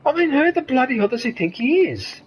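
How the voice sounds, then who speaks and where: The very high voice of an Australian game streamer comes through breathy-edged and very animated at a brisk pace. He rants angrily with lots of swearing and rhetorical questions, and the recording quality is low.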